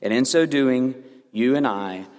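A man's voice: medium pitch, measured pace, a little mellow. A man in his thirties preaching a sermon as pastor, earnest and building to fervent emphasis. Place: church sanctuary. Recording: long reverb of a church hall.

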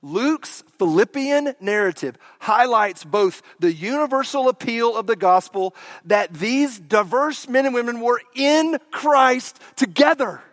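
Male preacher with a high voice and dry, close sound; animated storyteller who drops from loud bursts to a near hush. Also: unhurried, no echo. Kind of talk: sermon.

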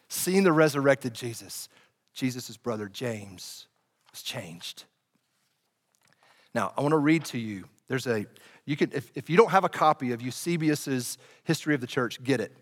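Man, pastor, sermon, dramatic storytelling, high-pitched, echoing hall. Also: fairly bright tone. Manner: dramatic storytelling, bursts of fast speech.

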